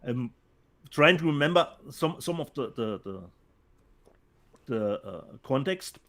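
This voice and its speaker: A man's voice: medium pitch, lively intonation, slow, a bit bright. A man with a German accent co-hosting a casual show, reading viewer comments aloud and often repeating words as he searches for them. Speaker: co-host. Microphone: remote call from home.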